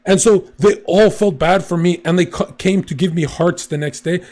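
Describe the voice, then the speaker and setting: A man talking in loose, casual chat, telling his stories with lots of energy and plenty of swearing. His voice sits a little higher than most men's. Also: normal speed. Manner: animated storyteller, swears freely.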